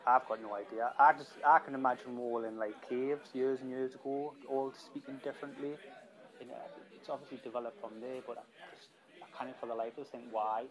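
A man's voice: mid-range voice, little pitch movement, brisk, rough recording. A man with a Geordie accent from Newcastle co-hosting a podcast in plain, self-mocking casual chat. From Newcastle, England. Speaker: podcast co-host.

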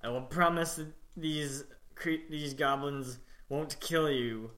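A man voicing a scheming male captor who bargains with his prisoners in a low, hushed way during a tabletop game. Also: fairly even intonation, takes it slowly. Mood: hushed, bargaining.

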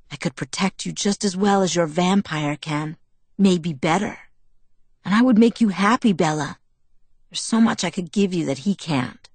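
A woman's voice: fairly low pitch, a little mellow, breathy edge, no echo. A woman reading the lines of a cheerful, pushy teenage boy, teasing and earnest by turns. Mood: earnest soft. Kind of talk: audiobook dialogue.

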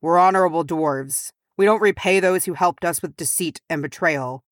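A woman voicing a gruff, loyal male dwarf warrior who growls his words. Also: on the low side, moderate pace, no echo, clean studio sound, close to an everyday voice. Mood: defiant.

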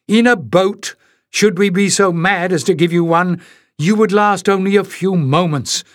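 A man's voice: high-pitched, a little slow, dry recording, studio quality, voice pushed up. A man voicing a stern, proud male piper elder who talks with scornful force, in an audiobook. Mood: fierce. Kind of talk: audiobook character reading.

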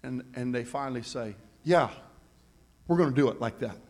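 A middle-aged man preaching a sermon in a church, mixing jokey conversational asides with shouted, rising calls to the congregation. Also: mid-range voice, normal speed. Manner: preaching with call-and-response, building to shouts. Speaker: pastor. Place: church sanctuary.

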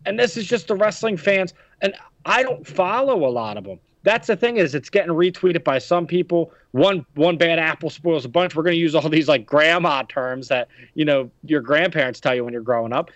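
A man hosting a chat podcast, ranting with open indignation and no filter on his swearing. His voice sits a little high, and the recording is dry and slightly dull. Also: expressive, moderate pace, dry recording. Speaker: podcast host. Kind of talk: heated casual podcast rant.

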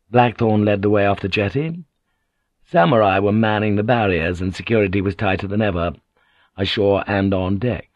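A man narrating an audiobook in a measured, even reading. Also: lowish voice, no echo, dull audio. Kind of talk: scripted narration.

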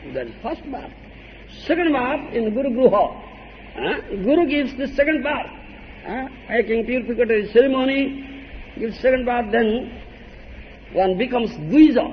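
A high, swinging, gravelly male voice holds forth on scripture, chuckling as he goes. He keeps checking on his listeners with a quick "Huh?". The recording is dull lo-fi tape with a faint hiss underneath. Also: in a large hall. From Odisha, India. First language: Odia. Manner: animated, chuckling, peppers talk with "Huh?". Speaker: spiritual teacher. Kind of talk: scripture discourse to disciples.

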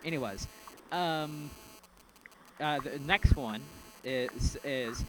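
A man's voice: mid-range voice, slow. A man hosting a casual podcast, rambling and hesitant with many fillers while he answers listener questions. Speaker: podcast host. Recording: steady mains hum behind the voice.

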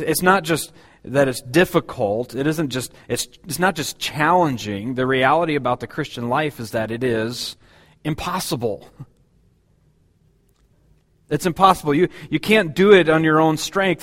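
A man preaching a sermon as pastor, talking in a conversational, halting way with many fillers and restarts. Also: medium pitch, a bit bright. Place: church.

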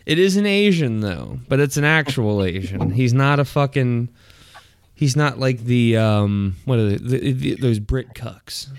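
A man hosts a podcast in loose, profane chat, breaking into laughter as he rambles. His voice is smooth and resonant at an ordinary pitch, recorded close and dry. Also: lively intonation, unhurried, no echo. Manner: crude, profane, laughs often while talking. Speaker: podcast host.

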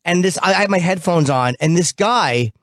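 Blunt, profane radio host, dry studio. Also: male voice, sits high, moderate pace, dry recording. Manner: blunt, profane, animated storytelling. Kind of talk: casual radio banter.

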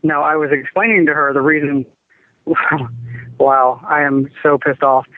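A man's voice: on the high side, steady tone, measured pace. A man on a phone call, complaining and growing exasperated, often stammering. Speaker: prank call target. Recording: tinny phone line with faint hiss.

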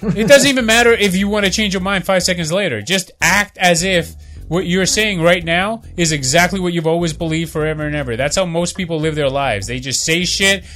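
A man in casual podcast chat, talking fast and swearing, acting out quoted lines. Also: on the high side, fairly bright tone.

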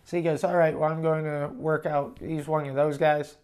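On his podcast, the touring comedian shares a road story casually and with plenty of cursing, voicing the people he met in animated dialogue between stretches of plain narration. His voice is on the high side, clear and resonant, at normal speed.

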